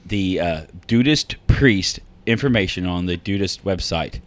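A man with a fairly low voice chatting loosely on a podcast. He laughs a lot and slips into quoted movie lines as he tells a scene. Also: expressive, measured pace. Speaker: podcast co-host. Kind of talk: casual chat.

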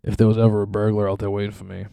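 A man's voice: fairly low pitch, monotone, racing, gravelly, dark tone, clear, resonant tone, no echo. A young man hosting a podcast, rambling through crude, profane stories and laughing at his own jokes. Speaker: podcast host. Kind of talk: crude casual monologue.

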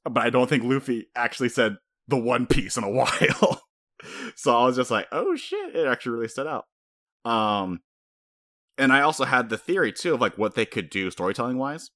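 A man co-hosting a casual podcast, talking fast and animated, laughing often and breaking into high-pitched impressions. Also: dry recording, studio quality. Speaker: podcast co-host. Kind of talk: casual chat.

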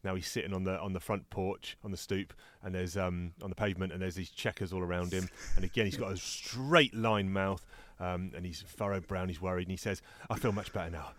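A man with a fairly low voice, co-hosting a relaxed comic-strip podcast. He recaps panels briskly and jumps high to act out the characters' lines, all in a dry, close sound. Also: no room sound. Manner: brisk recapping, acts out quotes with jumps in pitch. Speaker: podcast co-host.

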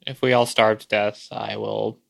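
A man's voice: on the low side, flat delivery, normal speed, gravelly, dry recording. A man co-hosting a podcast in casual chat, wry and matter-of-fact. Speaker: podcast co-host.

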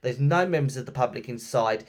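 A man's voice: mid-range voice, brisk. Man, podcast host, casual storytelling, mid-range voice, lots of ums. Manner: chatty, lively retelling with many ums and restarts.

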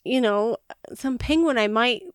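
A woman co-hosting a podcast, telling a story in animated fashion, laughing and acting out her own panic. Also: a little high, unhurried, no room sound, clean studio sound. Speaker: podcast co-host. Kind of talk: casual storytelling chat.

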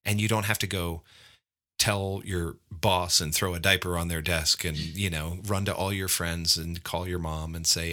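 A man's voice: deep voice, steady tone, moderate pace, bright, forceful tone. A man co-hosting a podcast, asking questions and talking in an encouraging, reflective way. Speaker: podcast co-host. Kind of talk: casual interview chat.

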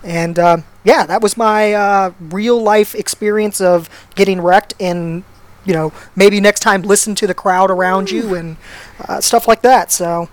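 A man's voice: high voice, fairly even intonation, measured pace. A man casually telling a long, self-deprecating anecdote. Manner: laid-back, self-deprecating storytelling. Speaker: storyteller guest.

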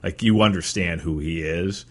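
A man's voice: deep voice, normal speed, fairly bright tone. An American man co-hosting a podcast, talking casually and hesitantly, full of fillers and trailing off. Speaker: podcast co-host. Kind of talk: casual chat.

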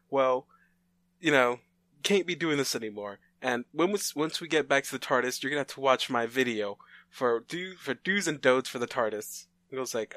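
A man's voice: medium pitch, moderate pace, bright, forceful tone, dry recording. A man casually retelling a made-up story plot, rambling with fillers and restarts and briefly voicing the characters in quotes.

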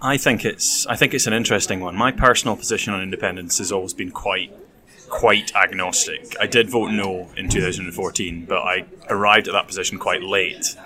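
Deep-voiced man amid crowd noise. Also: steady tone. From Scotland. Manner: measured and careful, with some restarts. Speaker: podcast guest, magazine editor. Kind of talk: casual political discussion. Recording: noisy crowd in the background. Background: crowd chatter.

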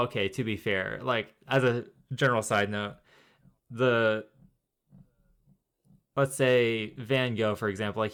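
Fairly low in pitch yet fairly bright, this man's voice has a clean tone. He's a co-host on a faith-and-film podcast, musing in a long, meandering, thoughtful way packed with fillers during relaxed conversation.

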